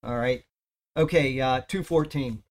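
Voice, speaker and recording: A man's voice: medium pitch, a little slow. A man preaching a conversational Bible study sermon, reading scripture aloud with emphatic rises and joking with his listeners between verses. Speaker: pastor.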